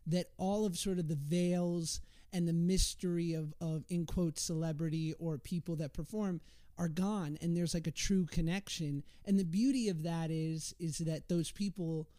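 A man's voice: a little high, steady tone, normal speed, warm tone, dry recording. A man in his thirties telling stories as a podcast guest, chatty and self-deprecating, with many restarts. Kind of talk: casual storytelling on a podcast.

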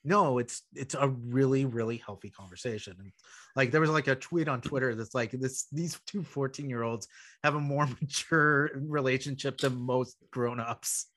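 A man's voice: medium pitch, normal speed, fairly bright tone. Chatty man recapping a show. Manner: rambling, filler-heavy storytelling with laughs. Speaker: podcast host. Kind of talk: casual podcast recap chat.

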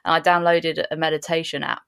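A woman hosts a podcast in a relaxed, casual way, sharing her own experience. Her voice sits low and has a gravelly edge. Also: fairly quick. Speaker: podcast host. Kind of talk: casual chat.

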